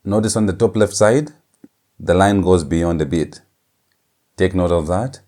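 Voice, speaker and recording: Very deep, slow-speaking man teaching. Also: warm tone. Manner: repeats each sound several times, drawn out. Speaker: language teacher. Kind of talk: slow lecture on letter pronunciation.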